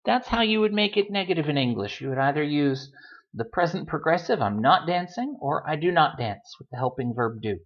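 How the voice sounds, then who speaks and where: Man, language teacher, chatty, dry jokes, animated intonation, muffled home recording. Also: on the high side, a little fast. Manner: relaxed, chatty, with dry joking asides. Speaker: Spanish teacher. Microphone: computer microphone.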